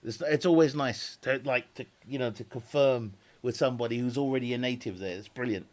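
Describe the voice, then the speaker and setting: A man's voice: mid-range voice, fairly quick, a little mellow. A man chatting casually with viewers on a live stream, rambling, swearing freely and laughing often.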